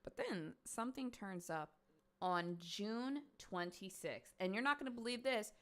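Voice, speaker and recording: A woman's voice: medium pitch, animated, unhurried. A woman casually recounting a true crime case to her audience, chatty and emphatic, dropping the odd swear word. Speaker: streamer host.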